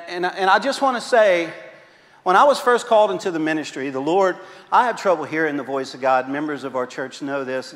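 A pastor with a high, fairly bright voice preaches to his congregation, spinning humorous stories that poke fun at himself. The recording has long hall reverb.

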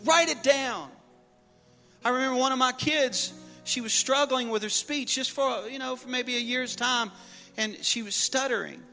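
A middle-aged man preaching a sermon, telling personal stories with humor and building to loud exhortation. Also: extremely high pitch, moderate pace, faint music behind. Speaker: pastor. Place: church sanctuary. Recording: long reverb of a large hall.

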